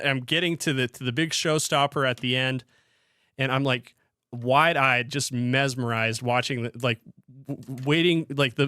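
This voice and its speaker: A man's voice: medium pitch, sharp tone, no echo, clean studio sound. A man hosting a casual solo hockey podcast, rambling with frequent restarts and fillers. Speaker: podcast host.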